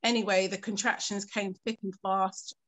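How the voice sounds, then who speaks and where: A woman telling a painful personal story in a documentary interview, earnest and composed, pausing often with fillers. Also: mid-range voice, level tone, fairly bright tone. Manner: earnest, halting storytelling with frequent pauses and fillers; keeps her composure while recounting something painful.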